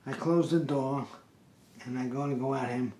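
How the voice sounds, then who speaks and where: A man telling a comic story in an animated, exasperated, streetwise way. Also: mid-range voice, moderate pace. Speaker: pest control worker and storyteller. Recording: roomy echo.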